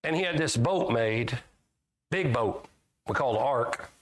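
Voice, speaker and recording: A man preaching a sermon in a homespun, conversational way. His voice sits at an ordinary middle pitch, and it climbs as he reads scripture aloud. He keeps turning to the congregation with questions. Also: lively intonation, measured pace. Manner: folksy, asks the congregation questions.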